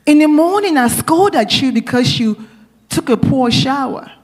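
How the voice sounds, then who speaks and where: A woman acting out a short-tempered father who keeps scolding and yelling at his young son, in a sermon story. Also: high-pitched, animated, normal speed.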